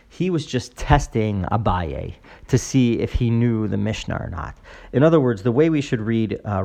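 A man giving a spoken Talmud lesson, reading passages aloud and explaining them in a measured, explanatory way with frequent fillers and restarts. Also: medium pitch. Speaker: Talmud teacher.

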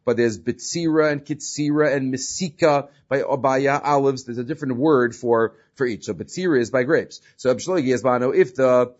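A man's voice: medium pitch, a little fast, few pauses, a little mellow. A man teaching a Talmud class, explaining step by step, often checking with "right?" and mixing in Hebrew and Aramaic terms. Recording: slightly dull lo-fi recording.

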